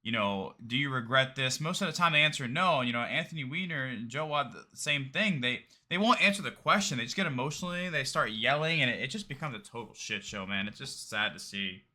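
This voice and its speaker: A man commenting on a debate clip in a casual, mocking tone. His voice is strikingly bright and sharp, and he speaks bluntly, with slang. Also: mid-range voice, lively intonation, fairly quick, hardly any pauses.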